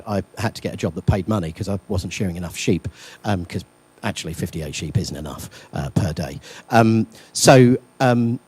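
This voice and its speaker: A man's voice: fairly low pitch, darkish tone, husky, no echo. Joking man giving a workshop talk. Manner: self-deprecating, joking, many fillers. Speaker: workshop speaker. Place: lecture room.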